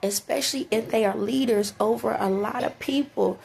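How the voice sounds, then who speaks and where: Teary woman talking faith, slight fry. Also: on the high side, darkish tone, slight background noise. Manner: tearful, earnest, faith-filled, halting with restarts. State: teary, sniffly. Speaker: vlogger. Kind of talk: emotional personal talk to camera.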